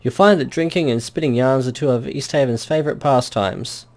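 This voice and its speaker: A man's voice: mid-range voice, fairly quick, darkish tone, natural voice. A man voicing a polite male warehouse merchant who speaks in formal, courteous shopkeeper patter.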